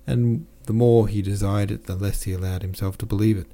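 A man reads a classic novel aloud for his podcast, in a deep, low voice with a mellow, soft tone. The delivery is plain and steady, broken now and then by casual self-corrections and offhand asides. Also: fairly quick. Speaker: podcast host and audiobook reader.

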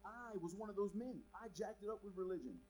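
Male preacher, high pitch, animated, soft to emphatic, faint background hum. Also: brisk, poor audio. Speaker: pastor. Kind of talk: sermon.

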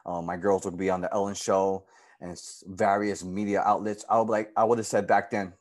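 A man in the guest's seat recounts his time coaching a girls' softball team. He speaks earnestly and with feeling, and his pitch leaps when he relives key moments. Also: fairly quick. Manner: earnest and emotional, lively pitch swings when retelling moments. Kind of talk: personal storytelling in an interview.

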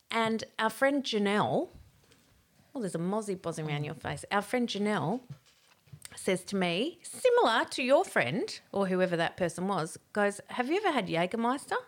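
Woman, middle-aged, animated storyteller, expressive lively pitch, casual chat. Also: moderate pace. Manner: animated storytelling, laughing, acting out quotes.

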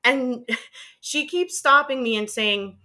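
A woman's voice: sits high, slow pace, bright, forceful tone. A middle-aged woman with a Queens, New York accent, chatting casually in an interview about her radio days, laughing often as she remembers. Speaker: guest, former college radio DJ.

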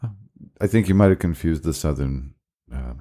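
A man's voice: extremely low pitch, expressive, moderate pace, dark tone. A man co-hosting a casual sports podcast, throwing in dry, teasing banter. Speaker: podcast co-host.

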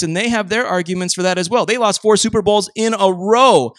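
A man from Minnesota, preaching a sermon in an animated, storytelling way with rhetorical asides. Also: high-pitched, fairly quick, few pauses, no echo. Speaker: pastor.

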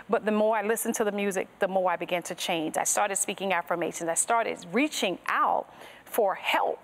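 A woman tells her faith testimony as a podcast guest, speaking earnestly and linking her story with "and so". Her voice sits at a mid pitch for a woman. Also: brisk, creaky. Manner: earnest storytelling, strings thoughts with "and so". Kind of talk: personal testimony in a podcast interview.

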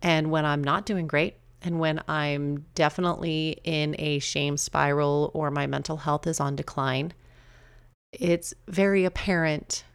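A middle-aged woman hosting her own podcast, talking casually and chattily with quick asides and laughs at herself. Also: low voice, fairly even intonation, vocal fry, smooth, no echo. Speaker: podcast host. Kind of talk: casual solo podcast talk.

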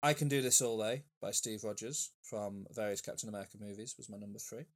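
A man's voice: fairly low pitch, fast. A man co-hosting a casual podcast chat, giving blunt, opinionated takes with fillers and restarts. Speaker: podcast co-host.

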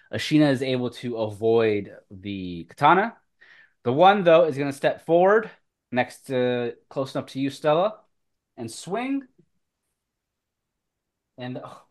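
A man running a tabletop game as game master, swearing and laughing often, with loud outbursts. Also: mid-range voice.

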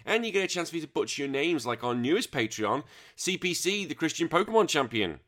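A man's voice: on the high side, big pitch swings, fast, fairly bright tone. A middle-aged man hosting a casual podcast, rambling, swearing freely and laughing easily. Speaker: podcast host. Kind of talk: casual chatty podcast talk.

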